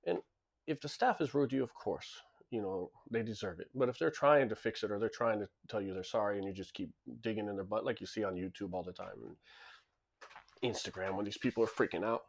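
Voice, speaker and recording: A man's voice: lowish voice, brisk, creaky. A man who owns a club tells stories in a casual monologue, blunt and emphatic, often repeating words as he restarts sentences. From lives in Japan. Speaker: club and bar owner.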